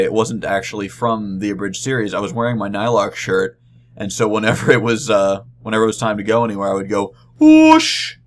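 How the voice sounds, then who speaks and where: Young male vlogger, lowish voice, halting and rambling, dry wry humor, casual recap. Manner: rambling, halting, many restarts and fillers.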